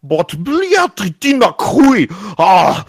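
A man's voice: high-pitched, wildly swooping pitch, no echo, clean studio sound, exaggerated voice. A man doing a cursing, broken-English Russian. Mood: boastful. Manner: broken English, halting, swearing. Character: cursing male Russian boaster. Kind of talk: comedic improv impression.

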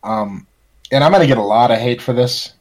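A man hosting a casual podcast chat, blunt and profane, ranting with animated swings in his voice. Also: mid-range voice, brisk. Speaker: podcast host.

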